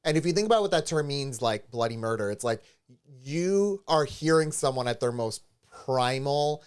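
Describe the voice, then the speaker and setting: A man's voice: mid-range voice, animated, normal speed, clean tone. A man co-hosting a podcast, telling a story animatedly in casual chat and acting out the voices of the people he quotes. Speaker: podcast co-host. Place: studio with a live stream.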